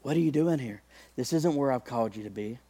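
A preacher voicing God as a gentle male presence, questioning softly. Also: medium pitch, fast, close to an everyday voice. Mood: gentle nudge.

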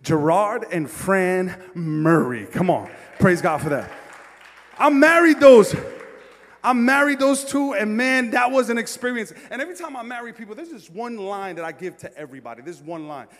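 Pastor guy preaching, highish voice, gets loud and fired up telling stories, long echo tail. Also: lively intonation, moderate pace, hardly any pauses, some chatter behind. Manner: preachy, builds from quiet to loud storytelling. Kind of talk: sermon.

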